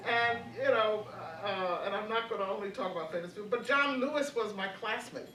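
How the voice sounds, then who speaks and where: A woman's voice: medium pitch, moderate pace, hardly any pauses, reverberant, distant mic, over a noisy crowd, poor audio. An older woman in her eighties, reflecting on her college years as a panelist, hesitant with many fillers and restarts and frequent laughs. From Baltimore. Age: 80s. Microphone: video call.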